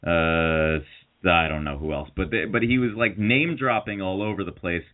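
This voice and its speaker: A man's voice: low-pitched, moderate pace. A man telling a long story in casual chat, rambling with fillers and restarts and mocking the people in it. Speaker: podcast co-host. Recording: tinny phone-like audio.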